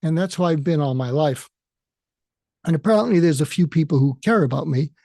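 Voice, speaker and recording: A man's voice: on the high side, creaky, dark tone, no echo, clean studio sound. A man hosting his own podcast, speaking in a reflective monologue that halts often with fillers and restarts. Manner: halting, with frequent fillers and restarts. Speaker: podcast host and therapist.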